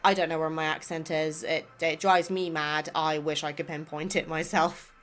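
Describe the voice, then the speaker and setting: A woman's voice: sits low, flat delivery, moderate pace, fairly bright tone. A woman from England with a West Country accent touched by American, chatting casually and rambling as she reads out viewer comments on her gaming channel. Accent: English West Country with some American. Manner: chatty, rambling, self-doubting. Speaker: gaming YouTuber.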